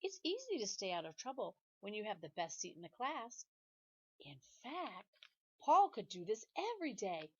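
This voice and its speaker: A woman teacher reading a children's chapter book aloud with expressive storytelling. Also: mid-range voice, normal speed, husky, lo-fi sound.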